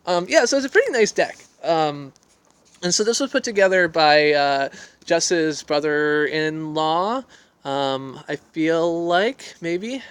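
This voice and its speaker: Male livestream host, slightly high voice, rambling and self-deprecating, outdoor deck, phone on a selfie stick. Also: lively intonation, slow, a bit bright, clean tone. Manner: rambling, self-deprecating, reads and answers chat aloud. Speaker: livestream host answering viewer questions. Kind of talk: casual livestream chat.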